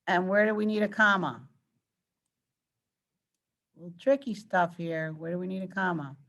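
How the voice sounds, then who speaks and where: A woman's voice: on the low side, normal speed, fairly bright tone. Patient woman teacher quizzing her class. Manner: patient, coaxing questions to students. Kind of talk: online class lesson.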